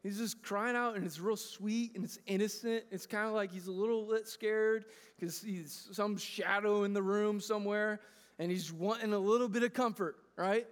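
High-voiced preacher in a reverberant hall. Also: male voice, steady tone, normal speed. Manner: earnest, conversational preaching with frequent restarts. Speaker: pastor. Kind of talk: sermon. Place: church sanctuary. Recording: long reverb of a large hall.

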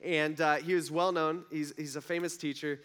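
Young male pastor, conversational preacher, slightly high voice, lots of rhetorical questions. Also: fairly even intonation, normal speed, a bit bright. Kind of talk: sermon.

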